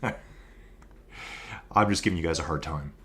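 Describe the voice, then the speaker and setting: A man's voice: extremely low pitch, takes it slowly, a bit bright. A man with an Albertan Canadian accent, commentating a live-streamed race in a loose, rambling way full of joking asides.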